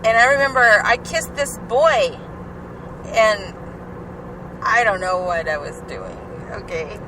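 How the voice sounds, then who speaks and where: A podcast host with a medium-pitched, expressive voice talks slowly while driving, chatting through rambling personal stories packed with "like" and "um." Road, car and traffic noise sit behind her voice inside the moving vehicle.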